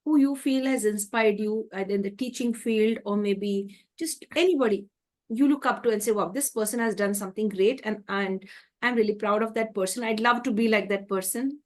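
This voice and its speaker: A woman's voice: medium pitch, normal speed. A woman hosting an interview, asking questions and responding with effusive, repeated praise. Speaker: interview host.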